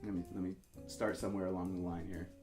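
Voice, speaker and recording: A young man with a fairly low voice tells a story casually, wandering, backtracking and doing little voices for the people involved. The room gives his voice a noticeable echo, and a guitar plays faintly in the background. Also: flat delivery, fast talker. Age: 20s. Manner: rambling, self-correcting, acts out quoted voices. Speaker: musician telling a story.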